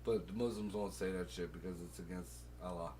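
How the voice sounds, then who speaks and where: A man hosting a crude casual chat who talks loud and profane and often bursts into shouting. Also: low-pitched, steady tone, fairly quick, recorded from a distance, slight background noise. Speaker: host.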